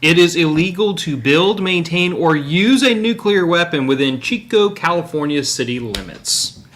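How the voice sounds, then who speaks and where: A man's voice: on the high side, expressive, moderate pace, fairly bright tone. Sarcastic opinionated male podcast host. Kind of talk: casual chat.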